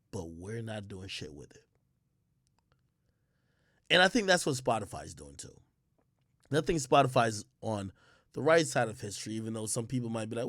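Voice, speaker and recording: A man's voice: medium pitch, dry recording, studio quality. A man giving an emphatic, slangy opinion rant as a streamer, rambling and restarting his sentences. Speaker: streamer and commentator.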